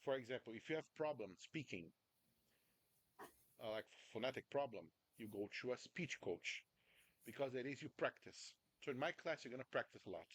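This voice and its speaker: A man's voice: medium pitch, lively intonation, moderate pace, breathy edge, no echo. A man giving a video-call coaching session, talking casually and often checking in with his student. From United States. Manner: chatty, keeps checking in with "right?" and "understand?". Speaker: communication coach.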